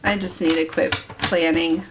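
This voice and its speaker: A woman's voice: lowish voice, steady tone, unhurried, noisy background. A woman casually giving a tarot reading on a livestream, chatty and laughing often, with lots of fillers. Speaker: tarot reader.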